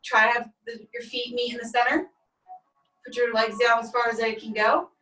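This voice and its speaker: A woman leading a guided stretching class, calmly cueing each step while she does the moves herself, recorded on a laptop mic across a room. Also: a little high, moderate pace. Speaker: stretching instructor. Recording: echoey room, distant mic, faint music.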